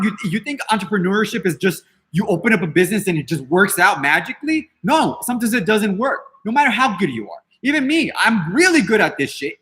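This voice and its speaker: His voice sits high, pushed and bright, as this podcast host goes on a casual, off-the-cuff rant. Brash and defiant, he dismisses things, curses freely and keeps restarting as he rambles.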